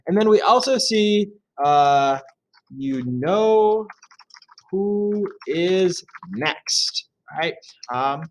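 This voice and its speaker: A male teacher reads through a lesson and talks it over in a chatty, joking way. His voice sits a little high and swings lively up and down, with plenty of fillers between points. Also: slow. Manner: chatty, jokey asides, frequent fillers. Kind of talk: reading and explaining a lesson.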